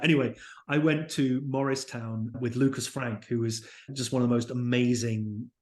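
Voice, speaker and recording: Guest spot: upbeat British founder, animated storyteller, roomy sound. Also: male voice, mid-range voice, fairly quick. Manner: enthusiastic, storytelling, acts out quotes. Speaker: company founder, podcast guest. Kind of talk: casual interview chat. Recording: roomy echo.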